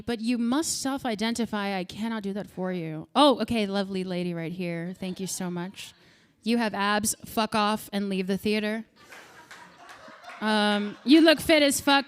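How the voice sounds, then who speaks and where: Woman in her thirties, stand-up comic, crowd work, profane and animated, bright edge. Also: medium pitch, clean tone. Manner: profane, animated, bursts into shouting. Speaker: stand-up comedian.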